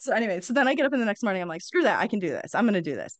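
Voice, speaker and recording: Talking very fast with few pauses, this middle-aged woman shares her story on a podcast in a medium-pitched voice. She's frank, lively, and profane, laughing her way through hard memories, and there's no echo.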